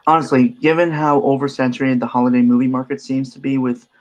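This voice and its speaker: Podcast host, man, mid-pitch, reads his notes then riffs dryly, dull lo-fi audio. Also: level tone, fast. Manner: reads prepared notes, dry asides. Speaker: podcast host reading list entries. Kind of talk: casual chat mixed with reading a script.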